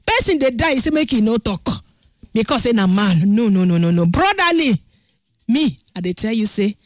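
A woman radio host with a Nigerian Pidgin accent, chatting on air in a lively, sing-song way that stretches her words. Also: a little high, moderate pace, no room sound. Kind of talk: Pidgin radio show chat. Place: radio studio.

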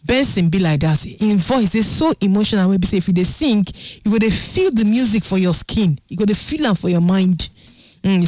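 A woman with a Nigerian accent hosting a casual radio show, chatty and animated, laughing often between her words. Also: medium pitch, no echo. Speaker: radio host. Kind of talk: casual radio chat in Pidgin.

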